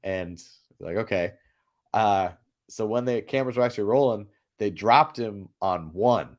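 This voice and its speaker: A man co-hosting a casual podcast, animated and quick to laugh. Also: lowish voice. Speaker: podcast co-host. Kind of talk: casual chat.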